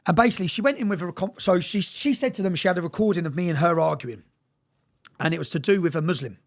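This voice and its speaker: Fast, gravelly man telling a story. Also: high-pitched. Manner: emphatic and profane, keeps checking in with "yeah?". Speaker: interview guest. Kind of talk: candid storytelling in an interview.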